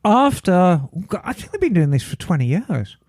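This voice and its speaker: A man's voice: high-pitched, big pitch swings, normal speed, a little mellow, no echo, clean studio sound. A man hosting a casual podcast, playful and theatrical, teasing his co-hosts with pet names. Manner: playful and theatrical, calls people darling. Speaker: podcast host.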